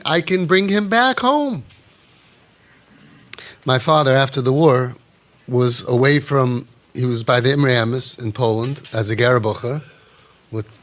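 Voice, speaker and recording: A middle-aged man preaching through stories, his voice sitting a little high. He talks animatedly, acts out short bits of dialogue, then sinks to a low, quiet murmur to land a point. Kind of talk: storytelling sermon.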